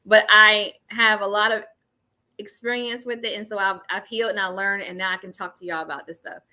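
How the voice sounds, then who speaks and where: A woman's voice: mid-range voice, fairly even intonation, fairly quick, pushed and bright. A middle-aged woman co-hosting a podcast, chatting casually and animatedly about a book, often acting out quoted voices. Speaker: podcast co-host. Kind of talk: casual book discussion chat.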